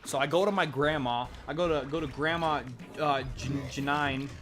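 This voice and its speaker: A man's voice: on the high side, normal speed, music in the background. A young man narrating a silly, profane made-up story over gameplay, acting out both sides of the dialogue. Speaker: gameplay commentator. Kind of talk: rambling improvised game narration.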